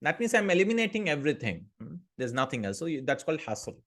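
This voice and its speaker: A man's voice: on the high side, sing-song, fast talker. Man teaching grammar, checking "right?". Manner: explanatory, checks in with "right?" and "hmm?". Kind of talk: online grammar lesson.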